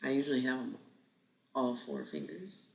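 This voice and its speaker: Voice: mid-range voice, moderate pace, vocal fry. A livestream host in their thirties, chatting casually with viewers, rambling, swearing freely and laughing often.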